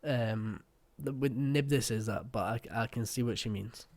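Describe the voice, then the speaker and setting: A man's voice: mid-range voice, normal speed, a little mellow. Young Scottish man reacting casually. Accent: east Scottish. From Scotland. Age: young adult. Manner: blunt, swears casually, chatty asides. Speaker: reaction video host.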